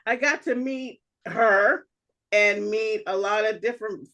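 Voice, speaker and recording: A woman's voice: mid-range voice, unhurried, pushed and bright, lo-fi sound. A woman co-hosting a podcast in casual chat, rambling with lots of "you know" and laughing often. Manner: laughs often while telling stories. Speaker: podcast co-host.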